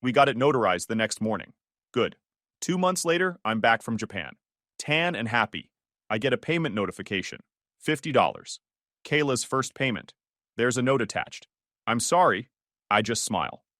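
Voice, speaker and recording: Male first-person narrator, blunt and matter-of-fact, lively pitch, dry close recording. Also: moderate pace, no echo.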